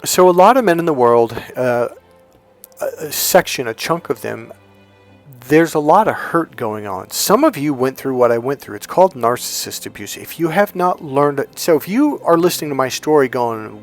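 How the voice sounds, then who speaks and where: A man's voice: mid-range voice, lively intonation, moderate pace, soft background music. A man hosting a dating advice talk, telling his own story in a candid, emphatic way and repeating phrases for stress. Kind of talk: personal storytelling monologue.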